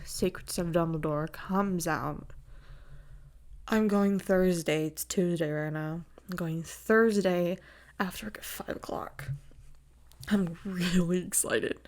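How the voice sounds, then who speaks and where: A woman's voice: lowish voice, darkish tone. A young adult woman hosting her own podcast in casual chat, gushing and chatty, laughing often and swearing casually, on a new mic with no windscreen. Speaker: podcast host. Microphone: new desk mic without windscreen.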